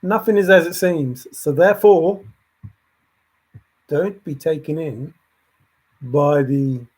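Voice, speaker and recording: A man's voice: on the high side, slow, a little mellow, slightly rough. A man hosting a livestream, thinking aloud in a rambling way and answering chat comments as they come in. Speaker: livestream host.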